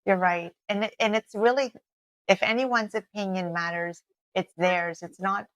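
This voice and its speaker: A woman's voice: medium pitch, a little slow, dry recording, low-quality recording. A woman host in an interview conversation, affirming her guest and responding thoughtfully. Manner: affirming, with steady listening murmurs.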